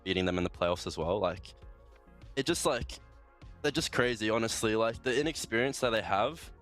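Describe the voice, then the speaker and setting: A young man speaks as a pro player guest in a fairly low voice. He rambles casually and emotionally, full of filler. Faint music plays underneath. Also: moderate pace, a bit bright. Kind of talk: casual post-match interview.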